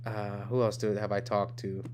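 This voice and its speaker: A man's voice: lowish voice, little pitch movement, moderate pace, darkish tone, slight background noise. A young man from the United States hosting a live game stream, chatting casually and reading viewer comments aloud in a rambling way. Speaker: livestream host.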